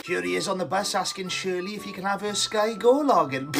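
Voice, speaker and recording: High-voiced sweary Welsh man ranting. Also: fairly quick, gravelly, few pauses, loud music behind the voice. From Wales. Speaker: comedy video creator. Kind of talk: comic rant to camera.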